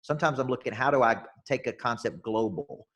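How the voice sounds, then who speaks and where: Emphatic American coach telling stories. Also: male voice, medium pitch, fairly quick, fairly bright tone. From United States. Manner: emphatic, repeats words when starting sentences. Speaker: business coach, podcast guest. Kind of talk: energetic storytelling in a podcast interview.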